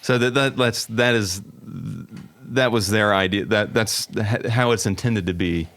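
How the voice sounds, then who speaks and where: A man as a podcast guest, explaining guitar gear in an eager, halting way. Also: lowish voice, a bit bright, dry recording. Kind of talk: casual podcast interview.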